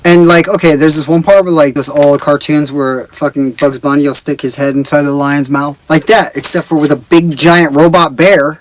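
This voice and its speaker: A man's voice: fairly high pitch, no room sound. A young man giving a stoned, profane, rambling movie review, exasperated and full of filler words.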